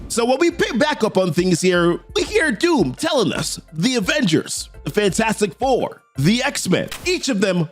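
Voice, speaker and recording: A man narrating a comic story recap in a chatty, casual way, often saying "he's like". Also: high voice. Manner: chatty, repeats "here" and "he's like", addresses viewers as guys.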